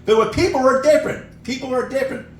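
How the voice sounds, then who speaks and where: A middle-aged stand-up comedian from upstate New York performs an open-mic set in a cafe, telling stories, laughing at his own jokes and acting out characters and animal noises. His voice is extremely high and he talks fast. The low-quality recording comes from a distant mic, sounding roomy with a little hiss or hum.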